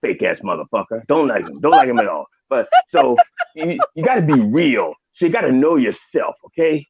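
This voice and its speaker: A man's voice: mid-range voice, expressive, fairly quick, phone-quality sound, very noisy, natural voice. A man playing a crude older reverend character, rambling and profane with preacher-like asides, in a studio. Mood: mixed. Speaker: comedic guest in character. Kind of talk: improvised comedy in character.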